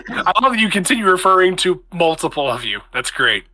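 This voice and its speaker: A man's voice: high-pitched, sing-song, a little fast, bright, forceful tone, a little hiss or hum. A man running a tabletop role-playing game as game master, narrating the action in a casual, joking way.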